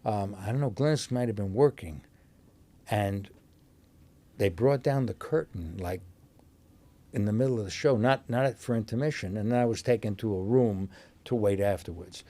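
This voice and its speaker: An older man with an American accent spins his stories loosely, full of ums and restarts, with a small laugh never far off. His voice sits on the low side. He comes from New York. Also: moderate pace, long pauses, warm tone. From New York, USA. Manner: rambling, with many fillers and restarts, chuckling. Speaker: interview guest, actor. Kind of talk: casual anecdotal storytelling.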